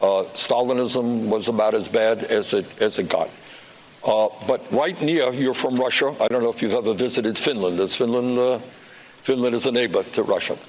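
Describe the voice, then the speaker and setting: A man speaking as a politician in a played clip, measured and earnest. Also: medium pitch, low-quality recording. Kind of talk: speech clip.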